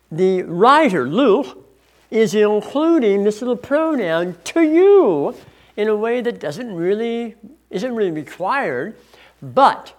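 A middle-aged man preaching a teaching sermon, deliberate and stretching key words for emphasis. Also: high-pitched. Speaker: pastor.

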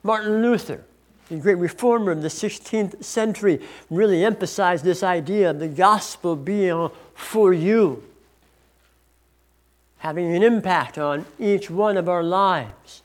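Slow, deliberate male pastor. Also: sits high. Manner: deliberate, stretches key words for emphasis. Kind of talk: teaching sermon.

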